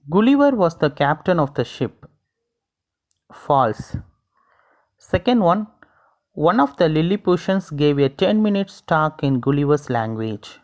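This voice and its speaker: A teacher with an Indian English accent reading out textbook exercises and their answers one by one, in a deliberate dictating manner. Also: mid-range voice, a little mellow.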